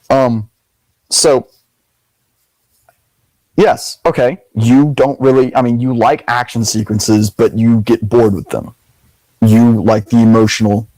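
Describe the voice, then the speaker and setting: A young man hosting a casual debate, talking in an animated, emphatic way and leaning on the word "literally". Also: medium pitch, no echo, low-quality recording. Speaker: video host.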